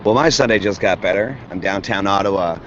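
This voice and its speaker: A man leaving a rambling, excitable voicemail for a podcast. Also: deep voice, a little fast, slight background noise. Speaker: voicemail caller. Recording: dull lo-fi voicemail audio.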